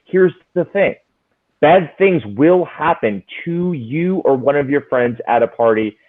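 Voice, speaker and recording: A man's voice: on the high side, animated, unhurried. A man who is a psychologist, giving earnest advice in casual conversation and explaining with concrete examples. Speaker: psychologist, interview guest. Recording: tinny phone-like line.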